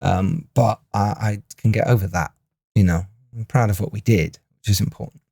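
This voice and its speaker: A man, a film director co-hosting a podcast, telling stories in animated casual chat and laughing often. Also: lowish voice, normal speed, vocal fry, no echo, clean studio sound. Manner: animated storyteller, laughs often, restarts phrases.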